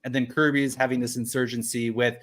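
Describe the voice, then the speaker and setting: A man's voice: mid-range voice, flat delivery, brisk, a bit bright. A man co-hosting a casual recap chat, rambling and laughing often. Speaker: podcast co-host.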